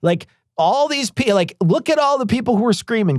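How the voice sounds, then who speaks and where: A man's voice: high voice, dry recording, clean studio sound. A man co-hosting a podcast, talking casually and profanely about politics with a rambling, mocking manner. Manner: profane, rambling, quick to mock. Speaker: podcast co-host.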